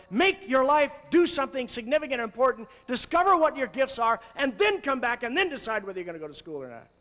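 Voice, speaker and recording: A high-pitched man preaches to youth workers with animated swings between loud cries and quiet asides. His voice rings out on a stage microphone with a long hall reverb behind it. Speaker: youth ministry speaker. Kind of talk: sermon.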